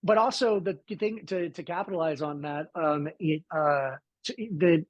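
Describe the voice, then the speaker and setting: A man from the Southern United States with a Southern accent, answering interview questions in a thoughtful, halting way with many restarts. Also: fairly high pitch, no echo. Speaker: actor interviewed about his film.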